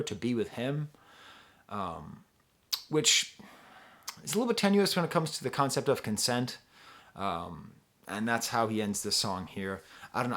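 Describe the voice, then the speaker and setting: A male music reviewer talking casually to camera in a relaxed vlog style. He wanders off on tangents and chuckles now and then, with an ordinary mid-range voice. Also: medium pitch.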